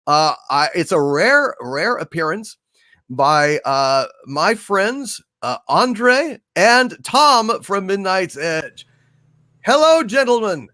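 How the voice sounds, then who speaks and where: A man hosting a casual livestream, reading super chats aloud and toasting his viewers in a halting way with many fillers. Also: high voice, very animated, pushed and bright, no room sound. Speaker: livestream host.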